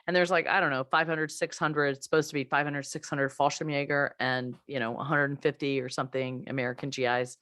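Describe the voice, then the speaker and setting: A woman's voice: extremely low pitch, steady tone, brisk, few pauses, fairly bright tone, no room sound. A woman hosting a podcast, telling an anecdote in chatty, casual conversation. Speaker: podcast host.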